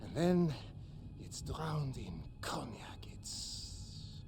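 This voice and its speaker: An actor playing a sadistic, mocking German commander with a German accent in a video game cutscene. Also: male voice, fairly high pitch, huge pitch swings, noisy background, exaggerated voice. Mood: menacing. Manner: slow, silky, taunting, drawn-out words. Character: sadistic male German commander, middle-aged, cold and mocking. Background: game score music.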